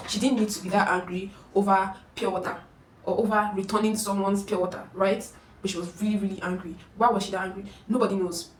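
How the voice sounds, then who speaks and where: A young woman in her twenties with a Nigerian accent, telling a story in a chatty, animated way. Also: mid-range voice, recorded from a distance, slight background noise. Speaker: vlogger. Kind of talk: casual storytime. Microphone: camera mic from a distance. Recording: echoey room, no microphone.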